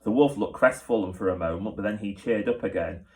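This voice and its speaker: Teacher guy reading a kids book out loud, steady and clear. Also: on the low side, brisk. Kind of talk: reading a children's book aloud.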